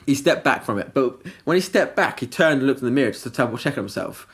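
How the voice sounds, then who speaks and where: A young Englishman co-hosting a casual podcast and recounting a wild night. His pitch sits mid-range but swings widely as he talks, and he breaks into laughter often. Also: fast talker, breathy edge. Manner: animated, laughs often while telling a story. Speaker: podcast co-host. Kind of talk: casual storytelling chat.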